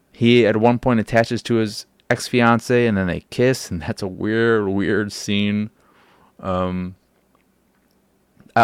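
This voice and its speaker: A man hosts a casual solo podcast in a low voice, talking into a close mic. He rambles, restarts his sentences and swears casually. The sound is dry, with no room in it. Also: no echo. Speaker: podcast host.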